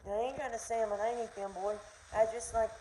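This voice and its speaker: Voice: medium pitch, fairly even intonation, fast, dark tone. A young vlogger ranting casually, rambling and stumbling over words as the argument heats up. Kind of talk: casual rant. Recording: roomy echo, faint noise.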